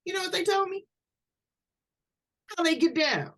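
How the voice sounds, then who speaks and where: A woman with a very high-pitched, unhurried voice hosts an interview that feels like a casual chat. She's blunt and chatty, weaving animated stories in among her questions like a talk show host.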